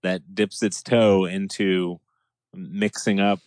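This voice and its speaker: A man with a fairly low voice co-hosts a relaxed podcast conversation. He talks in an animated way and slips into little acted-out quotes. The sound is dry and close. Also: slow pace, no room sound. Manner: animated, acts out quoted lines. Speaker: podcast co-host. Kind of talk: casual chat.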